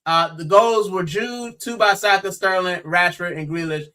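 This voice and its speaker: Speaking at normal speed in a high voice, a young man from the United States co-hosts a football podcast. His casual chat is animated, with lots of exclaiming and bro dropped again and again.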